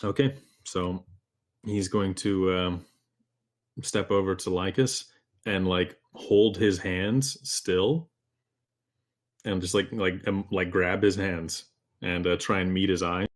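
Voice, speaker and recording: A man playing a tabletop game, describing what his character does in a halting, thinking-aloud way. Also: low voice, fairly even intonation. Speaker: player.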